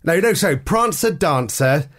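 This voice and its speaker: A man's voice: on the high side, expressive, unhurried, a bit bright. An English man, a children's author, chatting in an interview, laughing often and restarting sentences. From England. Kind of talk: casual interview chat.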